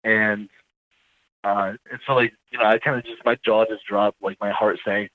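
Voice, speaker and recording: A man, an army veteran, telling his story in a casual interview, rambling and halting as he corrects himself. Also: on the low side, steady tone, no room sound, narrow, tinny audio.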